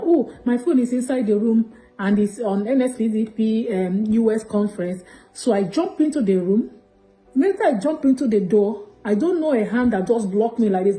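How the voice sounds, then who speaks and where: A woman with a Nigerian accent giving an emotional church testimony, telling her story in an animated, breathless way. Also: fairly high pitch, rough recording.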